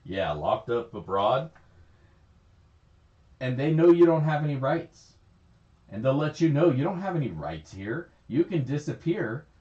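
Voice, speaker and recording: A man's voice: mid-range voice, sing-song, measured pace, long pauses, dark tone. A man chatting casually on a livestream, rambling, laughing often and swearing freely. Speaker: livestream host. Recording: echoey, slightly dull stream audio.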